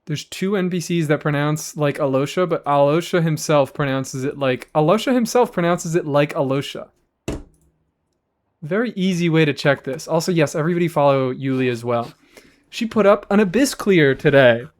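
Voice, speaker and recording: Animated man streaming a game. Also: a little high, normal speed. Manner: animated, rambling, swears freely, reads chat aloud. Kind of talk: casual live-stream chat.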